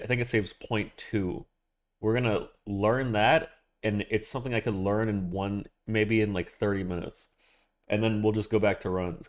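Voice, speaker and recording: A man streaming live, chatting casually and rambling, swearing often and answering his chat. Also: lowish voice. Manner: rambling, profane, talking back to chat.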